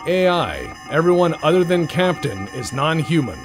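A man's voice: on the high side, very animated, normal speed, hardly any pauses, faint music behind. A young man giving casual, joking commentary while playing a game, muttering to himself. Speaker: let's-play gamer.

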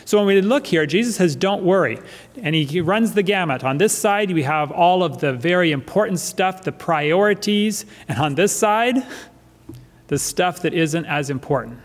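A man's voice: high-pitched, lively intonation, moderate pace. A male pastor preaching a sermon in a church, emphatic and fond of repeating his key phrases. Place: church sanctuary. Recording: church hall reverb.

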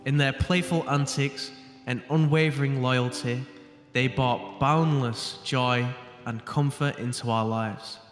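A man's voice: mid-range voice, steady tone, takes it slowly, soft background music. Young man with a roomy echo. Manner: reads a solemn mock eulogy, breaking into laughter. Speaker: gamer. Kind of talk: casual gaming chat and mock eulogy reading. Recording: echoey room with long reverb.

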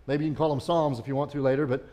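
A man playing an aging king who gives his son fatherly, confessional advice in a slow, reflective way. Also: medium pitch, steady tone, mellow, natural voice. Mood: remorseful. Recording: long church reverb.

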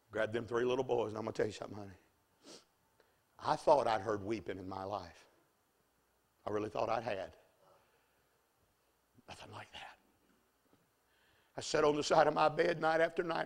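A man preaching a fiery revival sermon in a church, swinging from hushed storytelling to shouting. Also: mid-range voice, steady tone, moderate pace, vocal fry, pauses often.

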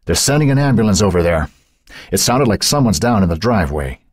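A grim father, as a narrator voices him speaks in blunt, heavy phrases. His voice is husky and dry, read close like an audiobook. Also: fairly low pitch, big pitch swings, fairly quick, no room sound, pitched above the performer's own voice. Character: grim middle-aged father.

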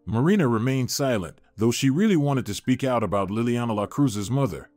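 Male storyteller, mid pitch, measured and even, dry close sound with faint music. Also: no room sound. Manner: steady, measured reading. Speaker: narrator. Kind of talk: scripted story narration.

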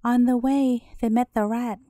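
A woman storyteller reading a bedtime fairy tale in a gentle, clear way. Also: a little high, steady tone, unhurried, no room sound, clean studio sound.

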